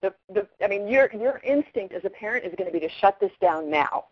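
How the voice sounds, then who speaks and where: A middle-aged woman explains parenting ideas in a relaxed, chatty way and acts out little scenes with her kids. The sound is dry and dull, like an old radio broadcast. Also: medium pitch, a little fast, dry recording. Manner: animated storyteller acting out quotes. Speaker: parenting expert guest. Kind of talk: casual advice talk.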